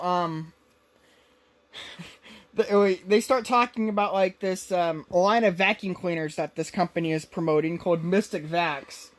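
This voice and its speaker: Woman podcast co-host, casual movie recap, rambling, filler-heavy, mid pitch. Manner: rambling, full of fillers and restarts.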